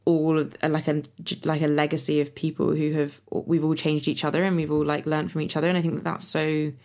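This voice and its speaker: A woman's voice: low voice, level tone, a little fast, darkish tone. A woman co-hosting a podcast, speaking reflectively in casual conversation, with many fillers and restarts. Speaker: podcast co-host and author.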